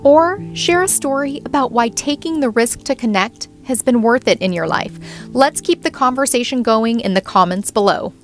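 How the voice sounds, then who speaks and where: A woman as reporter giving a calm, measured scripted narration. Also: a little high. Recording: music bed under the narration.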